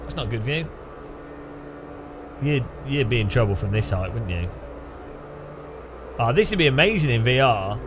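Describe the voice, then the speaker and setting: A man's voice: mid-range voice, sing-song, normal speed, pauses often, a little hiss or hum. A man giving rambling, jokey gameplay commentary, thinking aloud. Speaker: gaming channel host.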